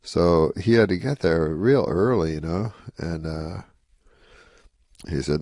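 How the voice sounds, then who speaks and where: A man with a very low, gravelly voice tells a rambling story in a casual interview, keeping a dry, deadpan tone and peppering it with asides. The recording is close and dry, with no room sound. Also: unhurried, dry recording. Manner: rambling, deadpan, full of "you know" asides. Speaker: comedian guest telling a story.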